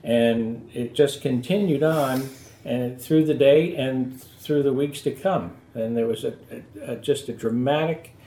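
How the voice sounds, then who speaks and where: Man, reflective halting storyteller, warm dark voice, echoey room sound. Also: medium pitch, a little hiss or hum. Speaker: guest giving testimony. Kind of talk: personal testimony interview.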